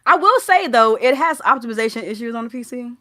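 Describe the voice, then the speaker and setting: A woman's voice: a little high, expressive, fast talker, a bit bright. A young woman with a Southern US accent, co-hosting a gaming podcast in casual, rambling chat full of fillers and restarts. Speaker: podcast co-host.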